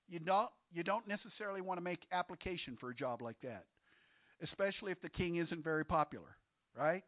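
A man with a fairly high voice preaches a sermon in a loose, chatty way, quizzing his listeners as he goes. The recording sounds dull and lo-fi, dry with no room echo. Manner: conversational, quizzes the congregation with questions. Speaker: pastor.

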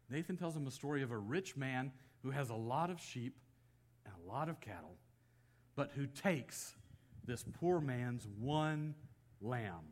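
A man preaching, retelling an old story with lots of expression. He acts out each quoted line, getting loud and high for outbursts and dropping to a near hush for the solemn parts. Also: slight background noise. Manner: storytelling, acting out quoted lines with swings of pitch and loudness. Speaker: pastor. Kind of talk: sermon.

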